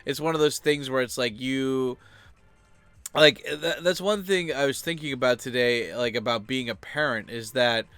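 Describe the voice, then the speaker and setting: A man's voice: medium pitch, normal speed, fairly bright tone, smooth, no room sound. A young man talking casually on his own channel, rambling loosely with lots of filler words. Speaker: channel host.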